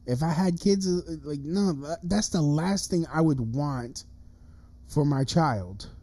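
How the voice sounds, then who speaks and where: Slow-talking man in his thirties ranting. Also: fairly high pitch, mellow, dry recording. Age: 30s. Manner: profane, agitated ranting with many restarts. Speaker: livestream host. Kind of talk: ranting livestream monologue.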